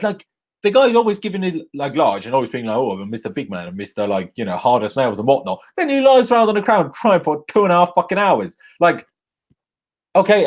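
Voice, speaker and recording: A young man live-streaming a rant after a football match, angry and swearing, jumping from loud outbursts to low muttering into a desk microphone. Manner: angry, swearing, swings between shouting bursts and low muttering.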